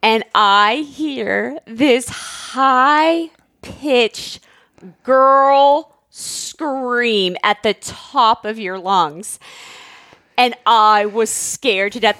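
A woman co-host chats casually, teasing her partner in a wry way. Her voice sits fairly high, and the recording is dry and close. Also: slow pace, bright, forceful tone, no room sound. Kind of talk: casual conversation.

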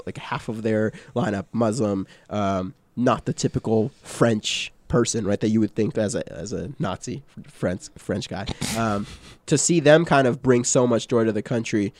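A man's voice: fairly low pitch, a little mellow, dry recording. Chatty man co-hosting a podcast. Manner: conversational, many fillers and restarts, tag questions. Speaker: podcast co-host. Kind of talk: casual chat.

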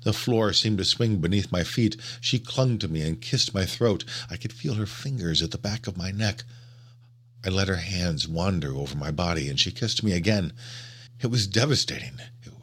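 Low husky man reading a story. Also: moderate pace. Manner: dramatic, hushed then rising to agitated. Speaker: narrator. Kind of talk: first-person story reading.

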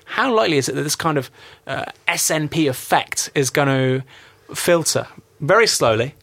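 English radio host, dry studio voice. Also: male voice, fairly high pitch, animated, normal speed, a bit bright, no echo. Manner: long winding questions with hedges. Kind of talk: radio discussion hosting.

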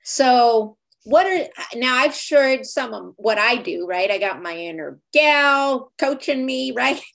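A woman's voice: a little high, lively intonation, slow, creaky, fairly bright tone. A woman hosting a podcast, chatty and conversational, laughing easily as she talks with her guest. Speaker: podcast host. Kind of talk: casual interview chat.

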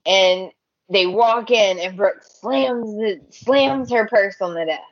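A woman's voice: medium pitch, slow, muffled recording. A woman co-hosting a podcast, chatting casually, laughing often and quoting characters. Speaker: podcast co-host. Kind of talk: casual recap chat.

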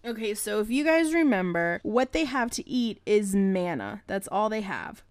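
A woman's voice: medium pitch, sing-song, normal speed, no room sound. A woman hosting a casual podcast, reading Bible passages and breaking in with profane, joking commentary. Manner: irreverent, profane, joking asides between scripture passages. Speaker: podcast host.

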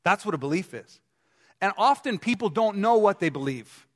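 Pastor preaching in a reverberant gym. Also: male voice, high voice, animated, normal speed, a bit bright. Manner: conversational, asks the congregation questions. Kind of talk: sermon. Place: gym used as a church hall. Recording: long hall reverb.

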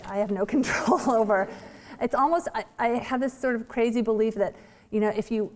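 Woman in her 40s, author telling a story, chatty and lively, mid pitch, big hall echo. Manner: chatty and animated, with light laughs and fillers. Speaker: novelist talking about her book. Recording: long hall reverb.

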